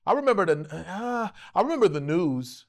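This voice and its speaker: A man's voice: high voice, sing-song, moderate pace. A middle-aged man from Los Angeles, a guest telling stories in a casual, profane interview and acting out the voices of people he quotes. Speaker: actor guest.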